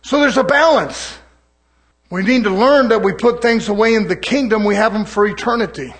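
A man's voice: sits high, normal speed, fairly bright tone. A man preaching a sermon in an impassioned, folksy way, firing off rhetorical questions.

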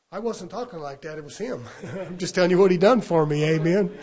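A man delivers a sermon. He talks in plain, folksy phrases and keeps swinging between hushed, near-mumbled asides and loud, pressing declarations. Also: high voice, a little fast. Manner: swings from quiet to loud preaching. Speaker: preacher.

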